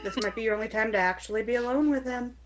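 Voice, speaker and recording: A woman playing in a casual tabletop role-play session, describing her character's actions bluntly and briskly. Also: fairly high pitch. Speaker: player.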